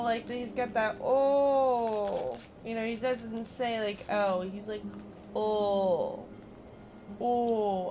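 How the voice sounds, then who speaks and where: High-voiced giggly woman streamer. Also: background noise. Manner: giggly, teasing, mimics others in loud bursts. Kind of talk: casual chat while streaming a game.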